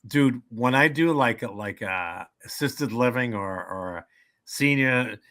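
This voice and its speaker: A comedian in his seventies speaks slowly in a bright, forceful, medium-pitched voice as an interview guest. He tells jokes and stories with animated delivery, putting on little voices for the characters.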